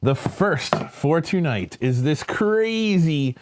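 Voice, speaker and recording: A man's voice: a little high, animated, slow, noisy background. Playful guy cohosting a beer chat, voice bouncing all over, raving about drinks. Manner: gushing, playful, teasing. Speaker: podcast co-host. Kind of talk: casual beer-tasting chat.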